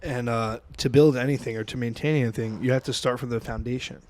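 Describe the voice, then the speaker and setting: A man from Lebanon co-hosting a podcast, easygoing and quick to laugh in casual chat. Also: medium pitch, steady tone, darkish tone. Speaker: podcast co-host.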